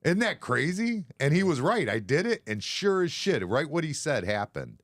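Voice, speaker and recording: A man's voice: fairly high pitch, very animated, normal speed, dry recording, studio quality. A man hosting a casual bar-talk live stream, blunt and sarcastic, swearing freely. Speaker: podcast host.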